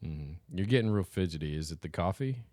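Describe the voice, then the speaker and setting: A man's voice: low-pitched, lively intonation, a little fast, mellow, no echo, studio quality. A man co-hosting a casual podcast, laid-back and joking, often trailing off and restarting mid-sentence. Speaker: podcast co-host. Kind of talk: casual chat.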